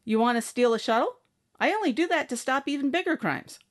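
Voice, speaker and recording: High-pitched, expressive, and fairly quick, this woman's voice brings an audiobook character to life. The role is a spacefaring ship's bosun, a tough, blunt young woman who is brash and snappish.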